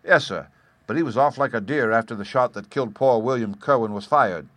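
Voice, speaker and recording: A man's voice: medium pitch, a little fast, fairly bright tone, no room sound, lightly acted. A man doing a keen young police inspector. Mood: businesslike. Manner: businesslike, polite, reporting. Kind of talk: audiobook character reading.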